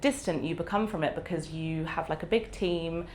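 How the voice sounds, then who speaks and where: Woman author, low voice, candid and reflective, faint background hum. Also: normal speed. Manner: warm, reflective, laughs often, lots of fillers. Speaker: author guest. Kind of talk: candid conversational interview.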